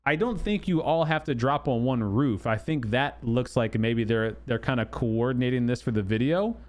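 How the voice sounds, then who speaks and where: A man's voice: mid-range voice, animated, normal speed, darkish tone. Chatty man commenting on game news. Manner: loose and chatty, many fillers and restarts. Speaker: gaming channel host.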